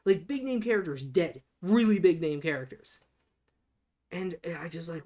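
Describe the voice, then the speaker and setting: Excitable rambling streamer. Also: medium pitch, normal speed. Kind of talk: casual livestream anime talk.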